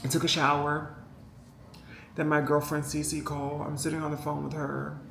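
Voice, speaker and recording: A woman's voice: low voice, little pitch movement, normal speed, vocal fry, fairly bright tone, a little hiss or hum. A woman vlogger telling a story in a casual, rambling and emotional way, with many fillers and asides to her viewers. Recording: echoey room with faint music behind.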